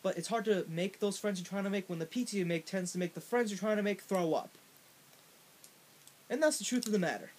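A man with a fairly high voice tells a comic story straight to the camera. He rambles, stops and restarts, and fills the gaps with ums. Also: fairly quick, darkish tone. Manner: rambling, with many fillers and restarts. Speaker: vlogger. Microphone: in front of a camera.

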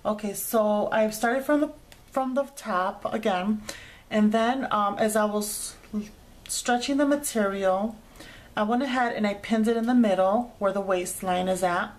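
A woman's voice: mid-range voice, measured pace. A woman hosting a craft tutorial, chatting casually as she explains each sewing step with frequent fillers.

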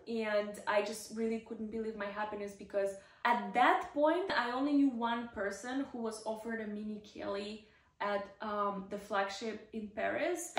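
This is a woman vlogging in a casual, chatty storytelling voice that sits a little on the high side. She talks with excitement and scatters "like" through her sentences. The room around her gives the sound a noticeable echo. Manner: chatty, excitable, many "like" fillers. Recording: roomy echo.

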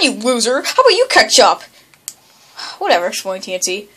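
A woman giving excited video game commentary, yelping, groaning and bickering as she plays. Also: on the high side, normal speed, noisy background. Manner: excitable, yelps and groans, bickers with toy characters. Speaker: gaming channel host.

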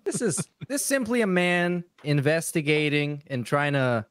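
A man co-hosting a podcast in an animated, jokey, casual chat. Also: on the high side, moderate pace, clear, resonant tone, dry recording, clean studio sound. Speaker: podcast co-host.

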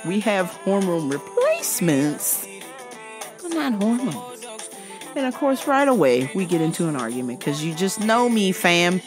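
A woman's voice: lowish voice, unhurried, over music. A woman vlogger delivering a profane comedic rant, acting out dialogue as she tells a story. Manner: profane, animated, acts out dialogue.

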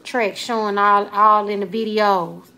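A woman's voice: mid-range voice, fairly even intonation, unhurried, sharp tone. Playful Southern woman in her twenties. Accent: Southern US, Alabama. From Alabama, US. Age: 20s. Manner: loose, playful, talks straight to viewers with Southern slang. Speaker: comedian and livestream host. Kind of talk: casual livestream chat reading viewer comments.

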